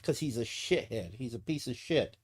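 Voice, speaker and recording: A man's voice: mid-range voice, expressive, moderate pace, a little mellow, husky. A man streaming casually, cooing to his dog in baby talk and swearing freely when he rants. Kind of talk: casual live-stream chat.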